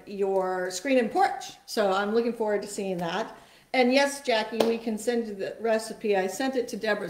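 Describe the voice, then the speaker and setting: A woman hosting a casual live cooking chat in her home kitchen, chatty and bubbly. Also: on the high side. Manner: chatty, bubbly, laughs often. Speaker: host. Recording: echoey kitchen.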